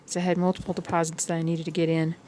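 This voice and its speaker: A woman chatting casually while she stitches, rambling through everyday stories and sometimes humming or singing softly along to music. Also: lowish voice, monotone, racing, a little hiss or hum. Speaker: cross-stitch vlogger.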